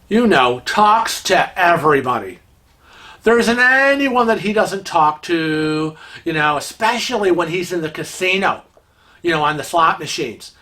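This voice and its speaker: A man co-hosting a vlog, telling stories in an animated, exasperated way. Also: on the high side. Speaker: vlog co-host. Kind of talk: casual storytelling.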